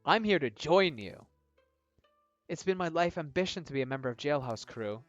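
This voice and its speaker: A breathless young woman superfan bubbling over with excitement, as a man puts her on in a high, sing-song voice. She gushes with lively swoops of pitch in a tabletop game, over slightly dull, lo-fi sound with faint music behind. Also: moderate pace, no room sound, close to an everyday voice. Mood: pleading. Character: eager young woman adventurer, gushing superfan.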